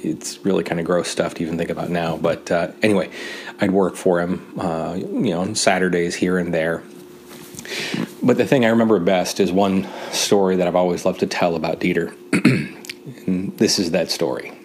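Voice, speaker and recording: A man from Montana telling a wry personal anecdote in a relaxed way, with pauses and fillers. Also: sits low, a little hiss or hum. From Great Falls, Montana, USA. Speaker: storyteller.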